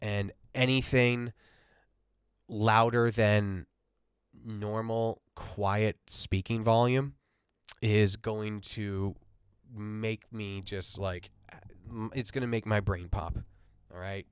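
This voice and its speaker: Quiet, rambling man explaining a mix. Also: fairly low pitch, steady tone, slow pace, clear, resonant tone, no echo, clean studio sound. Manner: rambling, self-correcting explainer. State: has a migraine, talks quietly. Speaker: audio mixing host. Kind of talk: casual mixing tutorial talk.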